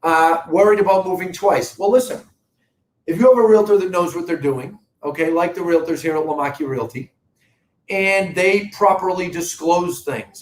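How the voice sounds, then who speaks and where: A man hosting a live real estate update, talking emphatically and directly to viewers. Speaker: real estate broker host. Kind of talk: live-streamed market update. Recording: echoey room with faint rumble.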